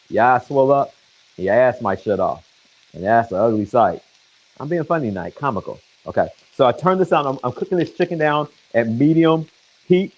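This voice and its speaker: A man's voice: medium pitch, lo-fi sound. A man chatting and joking with viewers by name as he cooks in his home kitchen. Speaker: home cook streaming to viewers. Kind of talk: casual live cooking chat. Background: sizzling pan.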